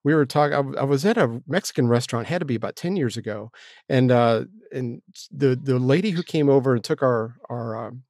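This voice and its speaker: A man's voice: medium pitch, a little fast, a little mellow, no room sound, clean studio sound. Chatty host man, rambling and friendly. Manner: chatty, rambling, self-deprecating. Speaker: podcast host. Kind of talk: casual interview chat.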